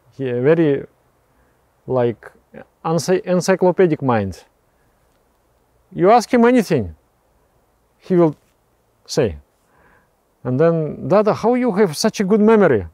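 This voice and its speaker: A male meditation teacher with a fairly high yet mellow voice, recorded close and dry. He explains breathing practice haltingly, repeating words and restarting phrases, with soft laughs between remarks. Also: dry recording.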